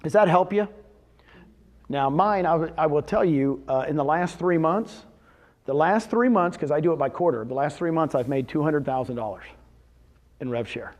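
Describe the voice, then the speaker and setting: An energetic middle-aged man giving a motivational business talk, firing questions at the audience and answering them himself. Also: on the high side, moderate pace. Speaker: real estate brokerage executive speaking at a company event.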